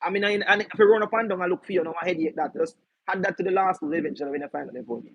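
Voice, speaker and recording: A man's voice: high voice, racing, husky, no echo, lo-fi sound. A man with a Jamaican accent explaining legal policy to an audience, emphatic and firing rhetorical questions at his listeners. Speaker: legal educator.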